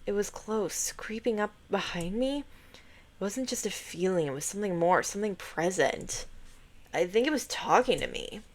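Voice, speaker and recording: A woman's voice: mid-range voice, animated, normal speed, lightly acted. A woman voicing a troubled young woman haunted by nightmares, frustrated and brooding.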